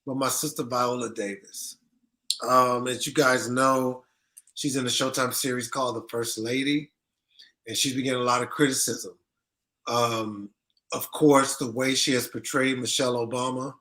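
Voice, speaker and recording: A man's voice: mid-range voice, fairly even intonation, moderate pace, pushed and bright. A man hosting a casual news commentary show, talking in a conversational, emphatic way and often repeating himself. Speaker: host.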